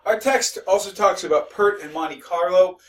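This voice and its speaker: A man's voice: high-pitched, normal speed, far from the mic, rough recording. A male instructor giving a recorded lecture, conversational and mildly sarcastic, with frequent restarts.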